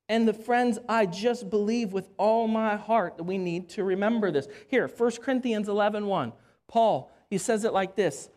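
An earnest pastor in the middle of a sermon. The preacher speaks straight to the congregation as friends, repeating important lines and slowing down to let them land. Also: medium pitch. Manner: earnest, repeats key phrases and slows down for emphasis; addresses the audience as friends.

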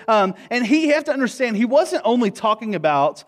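High-voiced pastor preaching. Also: male voice, brisk, hardly any pauses. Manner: conversational, energetic, rallies the congregation. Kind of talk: sermon. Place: church, before a congregation.

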